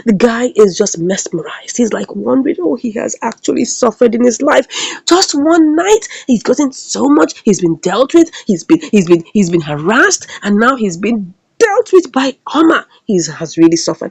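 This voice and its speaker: A woman's voice: fairly high pitch, big pitch swings, normal speed, creaky, darkish tone, slightly rough, no room sound. A woman host casually recapping and reviewing a series episode, acting out the scenes with animation. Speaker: video host.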